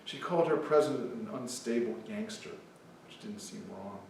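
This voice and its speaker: A poet giving a live poetry reading, with chatty, offhand asides between poems. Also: male voice, medium pitch, animated, moderate pace, gravelly, darkish tone, far from the mic, a little hiss or hum. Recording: echoey hall, mic from afar.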